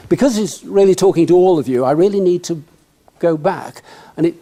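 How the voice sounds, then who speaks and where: A man's voice: fairly high pitch, expressive, moderate pace, mellow. A man giving a humorous, conversational talk on networking to a live audience, speaking to them directly.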